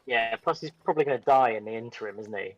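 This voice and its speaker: A man's voice: medium pitch, fast, lo-fi sound. A man playing a tabletop game, chatty and rambling. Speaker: player. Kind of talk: casual tabletop role-play.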